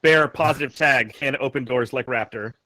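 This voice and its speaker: A man's voice: medium pitch, normal speed, pushed and bright, no room sound. A man playing a tabletop game, cracking playful jokes at the table. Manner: wisecracking, playful. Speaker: player. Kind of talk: joking banter at a tabletop game.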